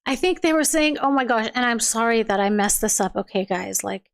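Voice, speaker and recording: High-voiced woman chatting on a livestream. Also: expressive, fairly quick, gravelly. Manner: chatty, laughs often, trails off and restarts. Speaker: livestream host reading viewer comments. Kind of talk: casual chat.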